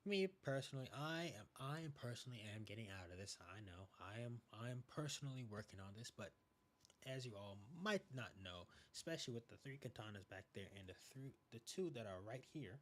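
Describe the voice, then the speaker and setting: A young man hosting a podcast in a casual monologue, animated and rambling, acting out quotes as he goes. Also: medium pitch, fairly quick. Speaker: podcast host.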